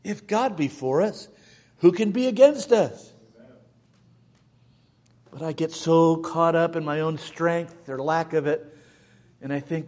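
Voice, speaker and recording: A male preacher telling a Bible story in a sermon, with dramatic storytelling and big swings in loudness. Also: a little high, slow, pauses often.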